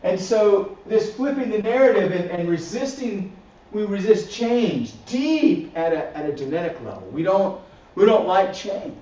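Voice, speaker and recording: This ministry teacher has a high-pitched, mellow voice with lively intonation and a measured pace. In a recorded teaching session for a church class, he speaks casually and repeats himself, often restarting phrases and tagging points with "right?". The sound is distant, roomy, dull and lo-fi.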